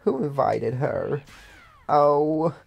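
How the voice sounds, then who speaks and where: A man's voice: fairly high pitch, expressive, extremely slow, vocal fry, a little mellow, slightly rough. A man giving crude, joking commentary while playing a video game with a friend. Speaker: gameplay commentator. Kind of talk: casual gaming commentary.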